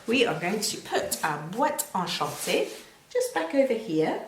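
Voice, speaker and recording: A woman teaching a children's language lesson in a slow, clear and playful way, with repeated words and sound effects. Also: mid-range voice, very noisy. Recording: roomy echo.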